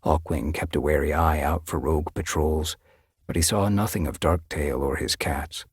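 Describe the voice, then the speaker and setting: A man reads an audiobook with steady, measured storytelling. His voice is deep and slightly husky. The recording is dry and close, with no room sound. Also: dry recording. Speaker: audiobook narrator. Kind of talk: scripted narration.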